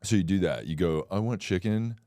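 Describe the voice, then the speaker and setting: Deep-voiced man in profane podcast banter. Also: expressive, a little fast, warm tone, no room sound, clean studio sound. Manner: profane, acts out shrill voices in anecdotes. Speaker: podcast co-host. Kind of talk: casual comedic chat.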